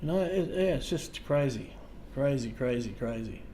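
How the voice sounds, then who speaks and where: An Australian man hosting a casual livestream, talking to viewers in a halting way, repeating words and trailing off softly. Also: medium pitch, lively intonation, slight background noise. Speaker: livestream host.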